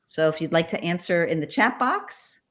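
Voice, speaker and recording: A cheerful woman runs her part of an online quiz over a video call, urging people to jump in. Her voice sits a little low for a woman. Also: expressive, normal speed, fairly bright tone. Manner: upbeat, coaxing the audience to join in. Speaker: quiz presenter. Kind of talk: casual virtual party quiz.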